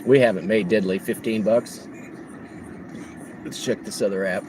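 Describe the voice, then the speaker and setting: A man livestreaming on the road as a delivery driver, telling a story in a casual, animated way and laughing often. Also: on the low side, normal speed, background noise.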